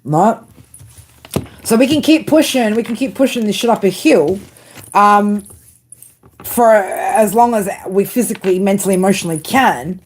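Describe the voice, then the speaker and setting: A woman's voice: medium pitch, normal speed, long pauses. A woman doing a live tarot reading, blunt and casual, swearing often and talking straight to her viewers by name. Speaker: tarot reader.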